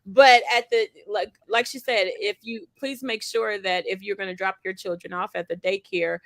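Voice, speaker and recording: A woman co-hosting a community livestream, telling animated stories with playful asides on a video call. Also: mid-range voice, normal speed, no echo. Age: adult with school-age children. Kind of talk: casual chat.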